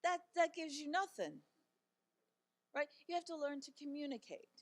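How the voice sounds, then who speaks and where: A middle-aged woman giving a talk as a guest speaker, telling personal stories in a conversational, animated way with frequent fillers. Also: high voice, normal speed. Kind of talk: personal storytelling talk to an audience. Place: church event.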